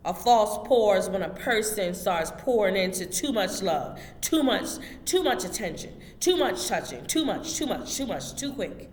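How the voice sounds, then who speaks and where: A woman's voice: medium pitch, lively intonation, normal speed, hardly any pauses, darkish tone. A woman delivers a motivational spiritual talk, pressing each point with the emphatic push of a preacher and speaking straight to her listeners. Her voice rings through a roomy hall with a long reverb tail. A faint background hum sits underneath. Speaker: host.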